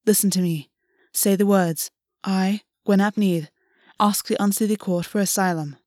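A woman's voice: steady tone, normal speed, a little mellow, no echo, clean studio sound, natural voice. Woman reading as a weary, insistent male fae. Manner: urgent, low-key and insistent. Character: weary young male fae, tense older brother type.

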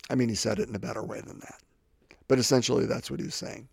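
A man's voice: mid-range voice, fairly even intonation, fast, creaky, husky, dry recording, studio quality. A man in his fifties hosting a faith podcast, talking reflectively and often repeating words as he gathers his thoughts. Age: 50s. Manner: rambling, repeats words while thinking. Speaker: podcast host.

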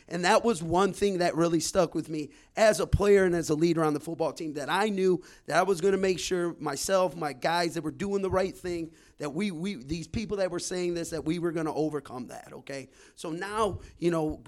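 A man in his forties from Detroit telling a long story on a podcast. He talks in an animated way and repeats words as he builds his story. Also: on the high side. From Detroit, Michigan. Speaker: guest storyteller.

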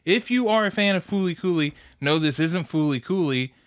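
A man's voice: fairly high pitch, expressive, a little fast. A man co-hosting an anime podcast, enthusiastic and laid-back, often restarting his sentences. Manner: enthusiastic, laid-back, stumbles over words. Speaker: podcast co-host. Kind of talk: casual chat.

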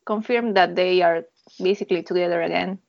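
A woman co-hosting a podcast in casual chat. She is thoughtful and halting and often repeats words. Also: on the low side, steady tone, creaky. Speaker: podcast co-host. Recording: dull lo-fi sound.

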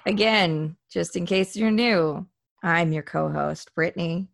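A woman co-hosts a casual podcast with a lowish, gravelly voice. She talks slowly and unhurriedly, in a playful, teasing way. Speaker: podcast co-host. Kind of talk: casual chat.

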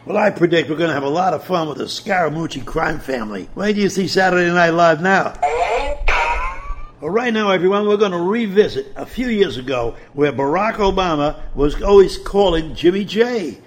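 A man hosting a talk radio show, reading news and ads with jokey banter and loud outbursts. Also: high voice, lively intonation, normal speed, a little hiss or hum. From South Texas.

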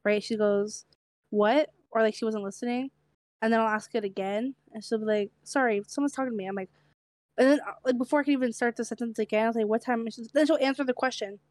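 A young woman co-hosting a casual podcast chat, speaking with a slight stutter and a lisp, chatty and quick to laugh. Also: fairly high pitch, fairly even intonation, a little mellow, no room sound. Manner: chatty, quick to laugh, repeats herself when tired. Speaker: podcast co-host.

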